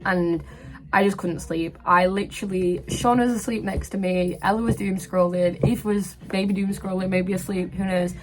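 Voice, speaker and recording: A twenty-year-old woman from England, telling a personal story casually in her room, animated and full of "like" and "literally". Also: mid-range voice, moderate pace, low-quality recording. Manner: animated, breathless retelling with lots of "like" and "literally". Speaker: vlogger. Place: her own room at university.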